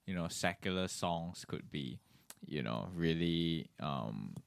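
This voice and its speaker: Man, very low voice, smooth and dry, casual live stream host, halting with fillers. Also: animated, no room sound. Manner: halting, many fillers, reads out viewer comments. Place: studio.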